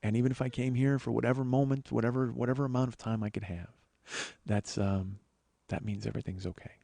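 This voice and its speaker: A man hosting a podcast, telling a personal story in a storytelling monologue, swearing often and getting louder and higher when worked up. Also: fast talker, vocal fry, no echo. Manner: profane, excitable, voice rising when worked up. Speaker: podcast host.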